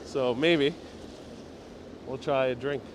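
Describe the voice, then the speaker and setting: Taking it slowly in a mid-range voice, a man from New York City hosts a live outdoor walking tour against a noisy background. He talks with viewers, reading their comments aloud and answering them.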